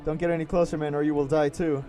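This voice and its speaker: A man's voice: a little high, little pitch movement, quick pace, dark tone, faint music behind, natural voice. A man voicing a desperate young man in a game, reading the lines in a strained, raised voice. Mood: despairing.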